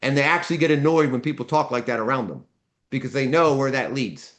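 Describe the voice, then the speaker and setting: A man's voice: mid-range voice, fast, a bit bright. A man teaching a live seminar, blunt and direct, tossing questions at the class and answering them himself. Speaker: seminar instructor.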